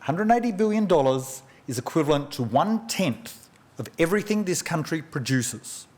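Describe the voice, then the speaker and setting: A man's voice: on the high side, expressive, a little mellow. Guy giving a formal speech at a podium, lecture-like, asks questions back at the room, voice swings up and down a lot. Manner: measured lecturing with rhetorical questions and anecdotes. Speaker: economist giving a memorial oration. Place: large function room at a press club.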